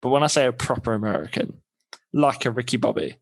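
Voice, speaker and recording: A man co-hosting a podcast in casual chat, adding dry, deadpan quips. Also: medium pitch, fast talker, no room sound. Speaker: podcast co-host.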